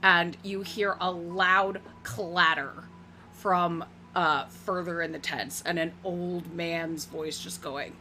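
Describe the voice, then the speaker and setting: A woman narrating as game master of a tabletop game, halting as she searches for words. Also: fairly low pitch, steady tone, pushed and bright, a little hiss or hum.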